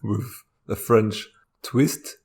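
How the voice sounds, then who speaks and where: Dry, slow-talking man with wry asides. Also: lowish voice, steady tone, vocal fry, darkish tone. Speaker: co-host. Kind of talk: comedy podcast banter.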